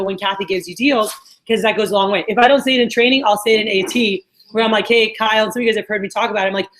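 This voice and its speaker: A woman sales trainer telling stories to a group, acting out quotes in an animated way. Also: medium pitch. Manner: animated storyteller, acts out quotes. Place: meeting room with a group. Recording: echoey meeting room.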